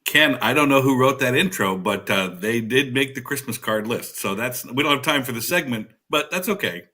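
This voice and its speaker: A man with a bright, forceful voice, explaining travel tips with energy. He talks like an enthusiastic guest expert. His pitch stays in a mid range. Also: lively intonation, normal speed. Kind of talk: TV interview advice.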